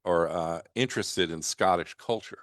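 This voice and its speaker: A man co-hosting a casual radio chat, musing out loud with questions that trail off. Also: deep voice, normal speed, no room sound, studio quality. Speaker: radio show co-host.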